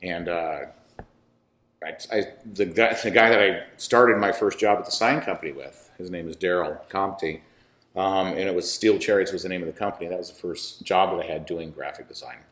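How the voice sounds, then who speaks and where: A filmmaker and musician chats as a guest in a casual interview, rambling, restarting often and laughing a lot. His low-pitched voice has a fairly bright tone and a moderate pace, and the recording has a roomy echo.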